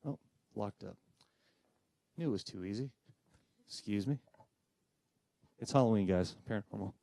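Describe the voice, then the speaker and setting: A man with a fairly low, gravelly voice speaks at a normal pace while giving a live talk on spirit communication. He's an animated storyteller who acts out the voices in quoted dialogue.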